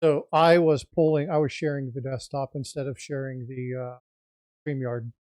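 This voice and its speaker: A woman's voice: extremely low pitch, fairly even intonation, moderate pace, darkish tone, no room sound. Woman hosting a livestream, dry sound. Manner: explanatory, talks through screen sharing. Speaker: livestream host. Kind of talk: casual livestream chat.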